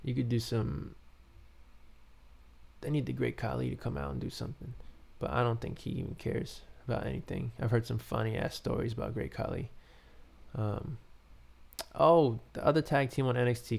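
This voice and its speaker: A man's voice: medium pitch, gravelly, darkish tone. A man talking casually and rambling as a podcast host, full of fillers and loose asides. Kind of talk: casual wrestling commentary.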